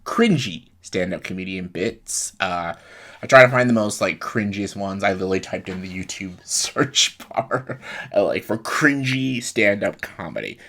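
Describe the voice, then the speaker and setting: Casual lower-voiced male reaction host. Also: animated, normal speed, creaky, bright, forceful tone. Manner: casual, heavy with fillers like "like".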